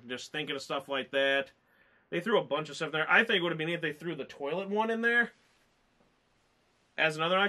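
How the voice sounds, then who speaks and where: A man co-hosting a casual movie review, rambling and excited, often laughing. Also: on the high side.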